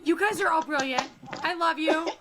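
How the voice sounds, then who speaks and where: A woman from California hosting an after-show interview, gushing and giggly like an excited fan. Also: very high-pitched, normal speed, noisy background. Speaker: interview host.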